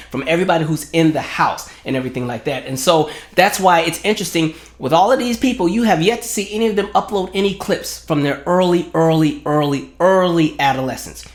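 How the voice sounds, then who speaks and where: Recorded in an echoey room, a young man hosting a commentary channel speaks a little fast in a highish voice, barely pausing. He tells lively stories through his casual monologue and raises his voice to mock opponents.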